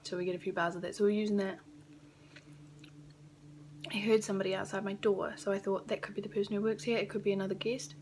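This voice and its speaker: A young New Zealand woman talks straight to her camera in a loose, rambling vlog, tossing in the odd swear word. Her voice sits in a middle pitch. A faint hum hangs in the small apartment behind her. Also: flat delivery, quick pace, pauses often, a little mellow. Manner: chatty, rambling, swears casually. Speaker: vlogger. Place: small rented apartment indoors.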